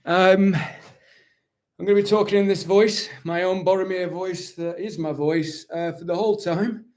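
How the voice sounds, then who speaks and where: Boromir, as a man puts on his voice, high and rambling. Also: fairly even intonation, normal speed, a little mellow, lightly acted. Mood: chatty. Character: proud weary male warrior-captain of a kingdom, self-serving. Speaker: impressionist taking live questions in character. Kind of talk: live-stream in-character Q&A.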